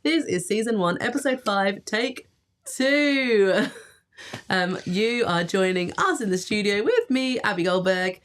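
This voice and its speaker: A woman's voice: medium pitch, lively intonation, a little slow. A woman co-hosting a live stream, chatty and giggly. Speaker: co-host. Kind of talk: casual live-stream chat.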